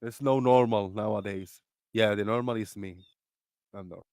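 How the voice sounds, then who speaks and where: A man's voice: fairly low pitch, fairly even intonation, normal speed, a little mellow, dry recording, clean studio sound. A man hosting a casual live voice chat, ranting, swearing freely and often breaking into laughter, heard through an online call. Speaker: host.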